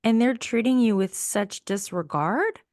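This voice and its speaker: A woman's voice: on the high side, expressive, measured pace, a little mellow, no room sound. Woman, podcast host, sympathetic questions, dry close sound. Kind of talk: interview.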